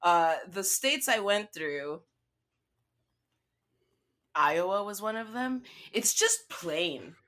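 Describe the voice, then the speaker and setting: A woman's voice: medium pitch, takes it slowly, pauses often. A young woman telling a story in casual chat, swearing freely and acting out her own lines. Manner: profane, animated storytelling.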